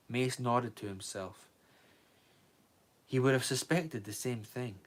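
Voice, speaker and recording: A man reads a novel aloud on a live stream at a steady, even pace. Now and then he stumbles over a word and corrects himself before going on. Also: mid-range voice, takes it slowly, long pauses. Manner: steady reading with small slips and corrections.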